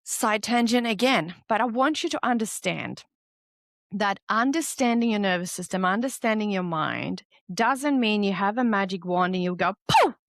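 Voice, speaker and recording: Aussie woman host, solo self-help podcast, blunt and lively, swears a lot, dry close sound. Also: mid-range voice, moderate pace, no room sound. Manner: candid and animated, swears freely. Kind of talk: solo motivational podcast talk.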